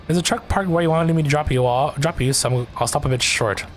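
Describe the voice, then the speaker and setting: Give me a man playing a patient, deferential taxi driver, calm and apologetic. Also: on the high side, fast, faint music behind, pitched above the performer's own voice, close to an everyday voice. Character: polite, patient young male taxi driver.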